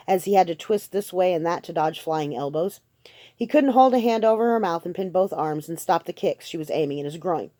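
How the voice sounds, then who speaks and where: A woman narrating a novel as an audiobook reader, in a steady, measured way. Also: lowish voice, no room sound. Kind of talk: audiobook reading.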